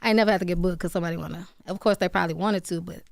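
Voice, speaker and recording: Gravelly, laughing woman comedian. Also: on the low side, steady tone, rapid-fire, no echo. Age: 30s. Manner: loud, laughing, swears freely. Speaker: comedian guest. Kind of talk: casual radio interview chat.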